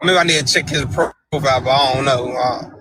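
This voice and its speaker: A man's voice: medium pitch, fast, a bit bright, poor audio. A man co-hosting a casual live-stream talk show, hesitant, often trailing off and repeating himself.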